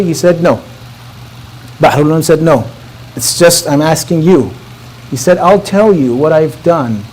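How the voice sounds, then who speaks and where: High-voiced man telling a sermon story. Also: poor audio. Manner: retells a story acting out the dialogue, voice swelling and dropping to a hush. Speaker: speaker at a mourning majlis. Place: mosque hall.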